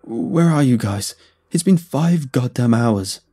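A man's voice: mid-range voice, animated, slow pace, dark tone, husky. A man voicing a panicked, shaking caller. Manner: shaky, tearful, pleading.

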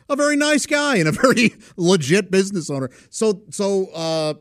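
A man hosts a podcast in a loose, rambling monologue. He sits at a middle pitch and sounds chatty and amused with himself. The sound is close and dry. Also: no room sound. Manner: rambling, chatty, laughs at his own stories. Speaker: podcast host.

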